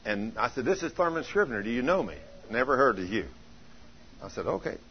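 A man preaching a sermon, telling folksy stories and swinging from loud to hushed. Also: mid-range voice, very animated, fairly quick, a little hiss or hum. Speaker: pastor. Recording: dull lo-fi sermon recording.

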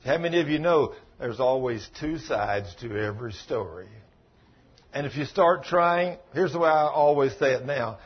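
Husky folksy man preaching. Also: medium pitch, animated, normal speed, highs cut off. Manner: folksy, emphatic, acts out dialogue. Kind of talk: sermon with storytelling.

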